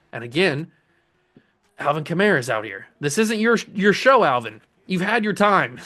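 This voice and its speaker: A young man casually commentating his own video game play as a channel host, excitable and jokey, talking to the players on screen. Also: fairly high pitch. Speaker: gaming YouTuber host.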